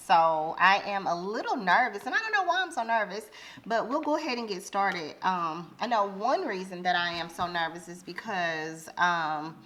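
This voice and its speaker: Woman vlogger, casual chat, hesitant with fillers, lowish voice, noisy background. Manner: hesitant, many fillers and self-corrections; counts money aloud in a low murmur. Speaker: budgeting vlogger. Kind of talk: casual chat while counting cash. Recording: steady background noise.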